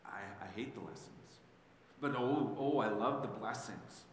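A man's voice: mid-range voice, moderate pace. Man preaching in a big echoey hall. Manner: animated storytelling, stammering restarts, acting out Bible figures. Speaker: pastor. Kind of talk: sermon. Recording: very echoey hall, faint background noise.

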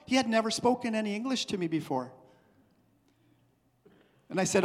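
A male missionary preacher giving a sermon testimony, swinging between hushed and loud, excited passages. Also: high-pitched, normal speed, long pauses. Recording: long hall reverb.

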